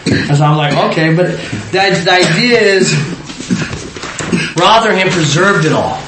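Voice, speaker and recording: A man's voice: high-pitched, unhurried. A man leading an interactive Bible study, talking conversationally, quizzing his small group and often restarting his sentences. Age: adult parent. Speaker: Bible teacher. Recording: echoey room with faint noise.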